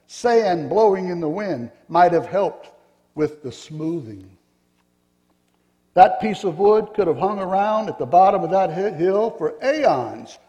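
Animated man reading a story aloud. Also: high-pitched, in a large hall. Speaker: children's story reader.

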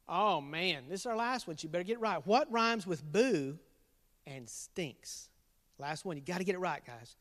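Middle-aged youth pastor, jokey and teasing, high animated voice, long hall reverb. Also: male voice, normal speed. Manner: jokey, teasing, laughs at his own jokes. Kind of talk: playful dad jokes to an online youth group.

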